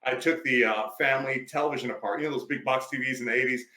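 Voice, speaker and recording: A man's voice: mid-range voice, steady tone, quick pace, pushed and bright, roomy sound, low-quality recording. A male life coach, a podcast guest, telling stories emphatically in a preachy, conversational way.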